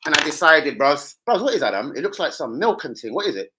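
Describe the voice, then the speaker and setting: A young man, hosting a football live stream and chatting with his viewers in an animated, slangy and sweary way. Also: a little high, quick pace, noisy background. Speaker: football livestream host. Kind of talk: casual live-stream chat.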